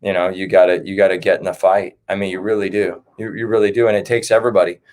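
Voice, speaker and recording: A man's voice: low voice, little pitch movement, fast, darkish tone. A man who is a guest on a casual livestream, talking in an earnest, rallying way and calling people "man" and "dude".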